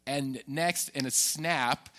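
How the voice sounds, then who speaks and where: A man preaching a sermon in a church, telling stories in a conversational, animated way. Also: medium pitch, slow pace. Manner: conversational, animated storytelling with laughs. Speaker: pastor.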